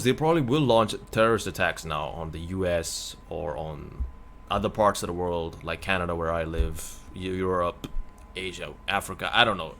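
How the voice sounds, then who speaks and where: Man, low voice, gravelly, streamer reading news, blunt asides, trips over names. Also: fairly bright tone, slight background noise.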